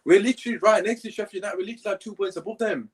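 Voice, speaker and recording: A man's voice: sits high, very fast, breathy edge. A young man co-hosting a football fan reaction chat, speaking in a frustrated, emphatic way. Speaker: fan channel co-host.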